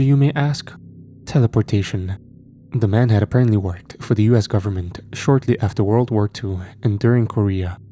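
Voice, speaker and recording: Guy reading a creepy horror story, low mellow voice, faint hiss behind. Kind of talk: scripted first-person horror narration.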